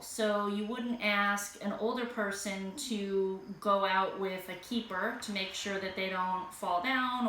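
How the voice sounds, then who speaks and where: A woman's voice: medium pitch, fairly bright tone. A woman co-hosting a casual podcast, talking through ideas in a conversational way with plenty of fillers. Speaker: podcast co-host. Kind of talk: casual chat. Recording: echoey room, faint noise.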